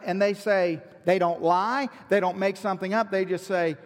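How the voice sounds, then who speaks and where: A high-pitched male pastor delivering an emphatic sermon, stacking repeated phrases to build his points. His voice carries a long reverb, as if filling a large church sanctuary. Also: moderate pace, few pauses.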